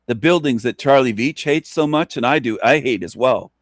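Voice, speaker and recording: A man of mid-range pitch delivers a rambling, emphatic radio monologue, circling back to repeat the same words for weight. The sound is close and dry with no room around it. He often chuckles mockingly between his points. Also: normal speed, dry recording. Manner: rambling, repetitive, emphatic rant with sudden pitch jumps. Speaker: radio show host.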